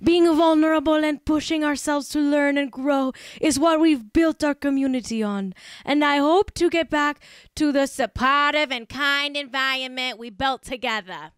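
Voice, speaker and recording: A woman's voice: high voice, moderate pace, no room sound, studio quality, voice pushed up, close to an everyday voice. A woman doing a mocking impression of a woman who fakes a Spanish accent with a lisp, reading an apology with mock sincerity. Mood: mock-sincere.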